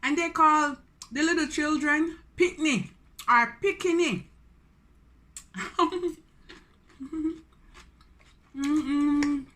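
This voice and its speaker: A woman's voice: high-pitched, steady tone, drawn-out words, pauses often, pushed and bright. A Jamaican woman in her forties chatting casually on a mukbang vlog, slipping into Patois between English sentences. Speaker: food vlogger.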